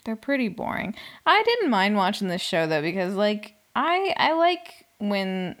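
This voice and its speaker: A woman's voice: medium pitch, sing-song, unhurried, a bit bright. A young woman in casual chat, recapping a dating show in a chatty, sarcastic way, full of "like" and little laughs. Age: young adult.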